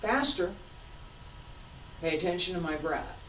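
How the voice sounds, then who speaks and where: A woman teaching a martial arts class, calmly coaching breath and movement and repeating cues. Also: lowish voice, a little slow. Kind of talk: class instruction while practicing. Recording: roomy, from a distance with faint noise.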